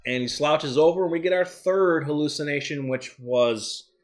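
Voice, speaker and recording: Animated man chatting casually. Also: on the high side, moderate pace. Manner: animated, acts out character lines. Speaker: show co-host. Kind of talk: casual review chat.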